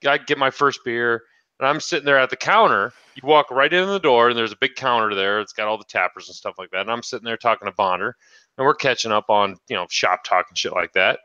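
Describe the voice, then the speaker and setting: A man's voice: mid-range voice, brisk, no room sound, lo-fi sound. A man hosting a casual podcast, telling a story with lots of swearing and laughing. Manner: profane, animated storyteller, laughs often. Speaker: podcast host.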